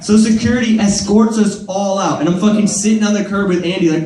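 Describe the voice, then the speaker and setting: A man's voice: sits high, fairly even intonation, fast, a little mellow, roomy sound, recorded from a distance, low-quality recording. A young man doing stand-up in a comedy club, telling a rambling, profane story full of fillers.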